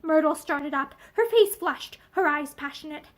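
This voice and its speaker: A woman's voice: high-pitched, normal speed, hardly any pauses. A woman reading a novel aloud, telling the story expressively while seated indoors facing the camera. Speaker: audiobook reader.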